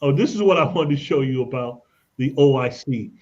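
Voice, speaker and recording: A man's voice: mid-range voice, fairly quick, a little mellow, highs cut off. A man guesting on a radio interview, explaining in an emphatic way and telling anecdotes. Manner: emphatic, tells anecdotes, repeats "look at this". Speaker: credit expert guest.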